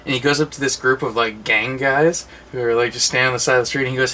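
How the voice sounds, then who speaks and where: A man's voice: mid-range voice, steady tone, fast, hardly any pauses, bright, forceful tone, slight background noise, poor audio. A man co-hosting a casual movie collection chat, telling long rambling stories and laughing at his own jokes. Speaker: co-host of a movie collection show.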